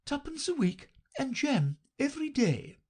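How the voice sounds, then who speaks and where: A woman reading an audiobook, voicing a flustered, untidy, melancholy queen in a high, plaintive voice. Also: big pitch swings, unhurried, darkish tone.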